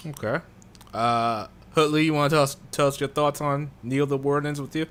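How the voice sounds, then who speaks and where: A man's voice: fairly high pitch, fairly even intonation, moderate pace, a bit bright, smooth. A man hosting a podcast, casually teasing his guests into talking. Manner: teasing, playful. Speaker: podcast host. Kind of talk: casual chat.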